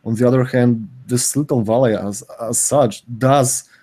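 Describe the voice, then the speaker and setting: Halting, mellow-voiced middle-aged man. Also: mid-range voice, steady tone. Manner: hesitant and halting, restarts and corrects himself. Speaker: co-host on a live stream. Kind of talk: casual chat, reading out chat comments.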